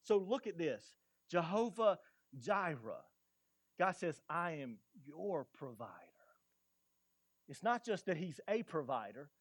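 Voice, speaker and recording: A man preaching a sermon as pastor, lively and quizzing the congregation. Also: on the high side, slow pace, pauses often, slightly rough, dry recording.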